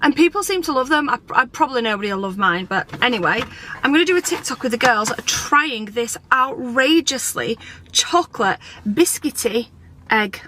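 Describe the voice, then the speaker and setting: A woman's voice: a little high, animated, normal speed, bright, forceful tone, slight background noise. A woman vlogging in a chatty, rambling way, often putting herself down. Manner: chatty, rambling, self-deprecating. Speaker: family vlogger. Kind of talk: casual vlog chat.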